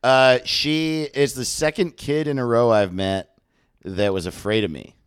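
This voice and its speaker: A man's voice: medium pitch, steady tone, measured pace, smooth, no room sound, clean studio sound. A man co-hosting a podcast in casual chat, tired and joking, laughing often. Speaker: podcast co-host.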